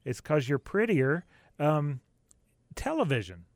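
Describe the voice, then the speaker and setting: A man's voice: on the high side, huge pitch swings, unhurried, dry recording. A man co-hosting a radio show in a studio, talking casually and rambling a little with fillers.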